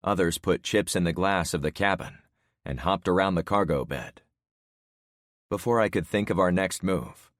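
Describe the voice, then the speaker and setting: A man narrating a story in first person with a steady, measured reading, close to the mic. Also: deep voice, no echo. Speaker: audiobook narrator.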